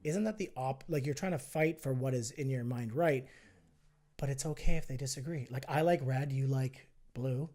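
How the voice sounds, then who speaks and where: This guest is a health and fitness entrepreneur on a podcast, speaking casually but persuasively and playing out both sides of an argument. He has a warm, mid-range voice at normal speed.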